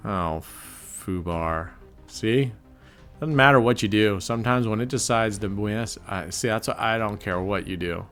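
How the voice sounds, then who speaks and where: Lowish-voiced guy doing live roulette commentary, cursing a lot, griping at the dealer, faint music behind. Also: unhurried. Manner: excitable, swears, grumbles at the dealer. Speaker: channel host. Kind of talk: live casino gameplay commentary.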